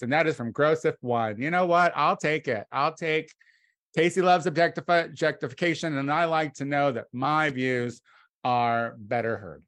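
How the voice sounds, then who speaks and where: A man co-hosting a casual comedic podcast, excitable and quick to jump up in pitch when amused. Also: no echo, clean studio sound. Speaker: podcast co-host.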